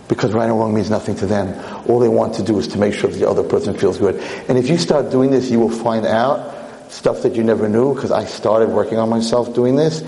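Animated rabbi in an echoey hall. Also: male voice, fairly low pitch. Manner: animated, emotional, repeats words when excited. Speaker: rabbi giving a talk. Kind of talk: sermon with storytelling. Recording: long hall reverb.

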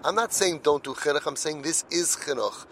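In a rough recording with slight hiss or hum, a middle-aged man speaks briskly in a gravelly, somewhat bright voice on the high side. His heartfelt monologue on parenting is earnest, built on personal stories, with words repeated when he drives a point home.

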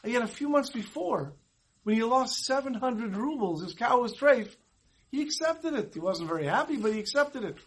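A man's voice: very high voice, expressive, moderate pace, slightly rough, pitched above the performer's own voice, exaggerated voice. A bewildered old rabbi judge asks earnest questions in a raised voice, as a man plays him in a story. He sounds baffled and sincere. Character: puzzled elderly male rabbi judge.

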